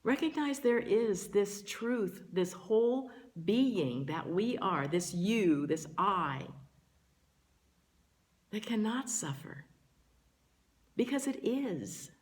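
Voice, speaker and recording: An older woman giving a slow, reflective spiritual talk as a teacher, gentle and earnest, pausing often between phrases. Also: mid-range voice, very animated.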